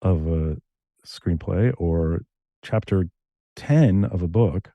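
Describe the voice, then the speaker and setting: A middle-aged screenwriter and novelist from Connecticut is a guest in a casual interview, telling stories in animated, quick bursts. His voice is low-pitched, with no echo.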